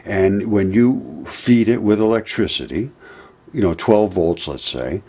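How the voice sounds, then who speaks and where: Husky man giving a rambling science talk. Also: sits low. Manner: animated, acts out voices in explanations. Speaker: presenter. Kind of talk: informal science lecture.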